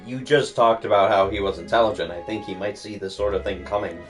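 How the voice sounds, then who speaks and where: A man's voice: lowish voice, fairly even intonation, fast talker, soft background music. A man giving casual, sardonic let's-play commentary, swearing and joking as he plays. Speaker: game streamer.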